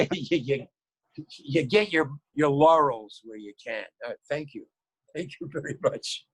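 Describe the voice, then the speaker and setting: Male guest spinning an anecdote, lively and acting out each voice, a touch high-pitched. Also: measured pace, breathy edge. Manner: animated, acts out quoted lines, repeats words. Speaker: guest actor. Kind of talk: storytelling anecdote.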